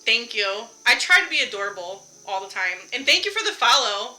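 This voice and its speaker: A woman's voice: on the high side, sing-song, fairly quick, bright, forceful tone, poor audio. A young woman streaming a game from home, chatting casually with her viewers, laughing often and swearing lightly. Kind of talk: casual live-stream chat while gaming.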